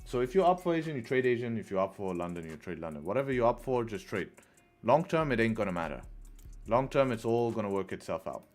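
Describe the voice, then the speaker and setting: A young man with a lowish voice and big pitch swings talks fast while hosting a live trading stream. Laid-back and chatty, he reads the chat aloud and answers viewers' questions as he goes, with faint music in the background.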